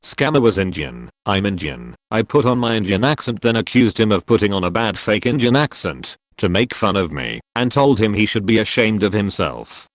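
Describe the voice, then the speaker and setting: A man giving a scripted narration of online posts, read in a brisk, matter-of-fact way. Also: fairly low pitch, big pitch swings, dry recording, clean studio sound. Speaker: story narrator.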